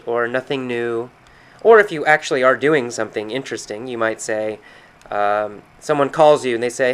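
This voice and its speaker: An American man, an English teacher, slowly and patiently explaining vocabulary and quoting example phrases. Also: medium pitch, a bit bright, smooth. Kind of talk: explaining vocabulary from a recorded conversation. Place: San Francisco.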